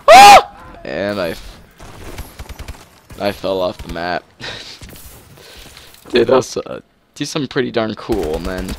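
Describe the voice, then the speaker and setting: A man giving casual gameplay commentary, excitable, with sudden shouts and yelps. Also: fairly high pitch, a little hiss or hum. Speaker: gaming commentator.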